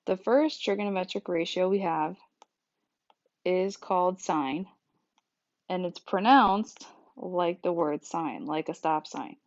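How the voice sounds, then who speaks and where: Lower-voiced woman teaching math. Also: slow pace, long pauses, dry recording. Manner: patient step-by-step explaining. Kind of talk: recorded screencast lesson. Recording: dull dry lo-fi sound.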